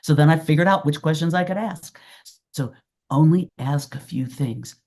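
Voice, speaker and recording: A woman's voice: low voice, moderate pace, darkish tone. A woman giving an earnest, reflective talk as a guest presenter, repeating her key phrases for emphasis. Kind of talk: webinar talk and Q&A.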